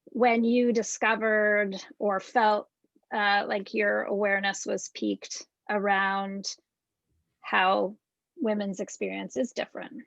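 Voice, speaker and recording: A woman's voice: medium pitch, gravelly, a bit bright, no room sound. A woman moderating a panel on a video call, inviting questions in a friendly, loose way. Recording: dry, dull video call audio.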